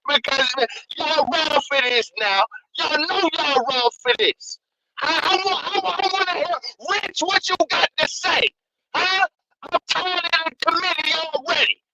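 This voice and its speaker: Heated, high-voiced man ranting on a call. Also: measured pace, creaky, crowd noise, rough recording. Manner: profane, slangy and heated, repeats himself. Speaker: caller. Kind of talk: fired-up call-in rant.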